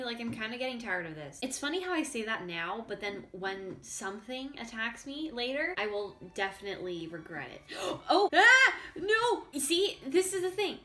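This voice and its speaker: A teenage girl giving casual, deadpan, jokey game commentary with sudden panicked shrieks, sounding a bit congested. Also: on the high side, a little hiss or hum. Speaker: gaming YouTuber.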